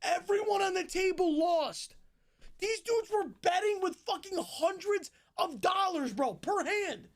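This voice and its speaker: A young male streamer with a notably high voice tells a wild night-out story to his chat. He races through some parts, drags others out, and cusses constantly. At the big moments he bursts into full shouting. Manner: animated, swears a lot, jumps between fast narration and loud outbursts. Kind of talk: casual storytelling to a live stream audience.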